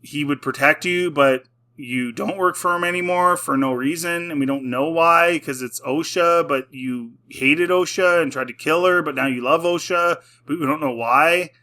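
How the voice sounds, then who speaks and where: A man's voice: on the high side, moderate pace, bright, forceful tone. A young man ranting casually about a show he reviews, exasperated and sarcastic, with lots of fillers. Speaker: YouTube reviewer.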